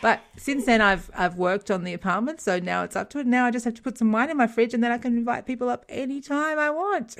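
A middle-aged woman co-hosting a casual chat, telling stories with frequent laughter and lively retold dialogue. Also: fairly high pitch, quick pace, gravelly. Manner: chatty, laughs often, retells dialogue animatedly. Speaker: podcast co-host.

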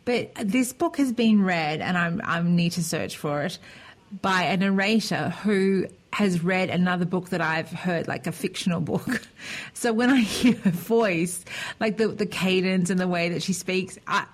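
A woman's voice: fairly low pitch, a little slow. A woman co-hosting a podcast in casual chat, often restarting her sentences and laughing between phrases. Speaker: podcast co-host.

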